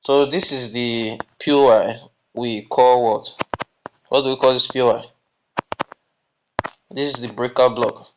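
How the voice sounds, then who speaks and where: A man's voice: mid-range voice, fairly even intonation, a little slow, long pauses. A man teaching a trading lesson, often asking "you get?" and answering his own questions. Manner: repeats "you get?" to check understanding; asks questions and answers them himself. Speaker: trading instructor. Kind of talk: screen-recorded lesson. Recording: muffled lo-fi mic with background noise.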